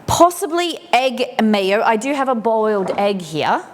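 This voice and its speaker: A woman's voice: a little high, sing-song, unhurried, slight background noise. An English woman hosting a casual live cooking stream from her home kitchen, chatty and rambling with cheeky asides. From England.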